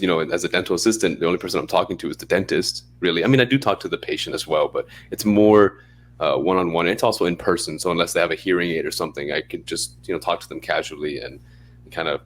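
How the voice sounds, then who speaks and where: A man co-hosting a podcast, talking in a laid-back, chatty way and now and then acting out a bright phone voice. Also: deep voice, slight background noise. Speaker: podcast co-host. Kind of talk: casual chat.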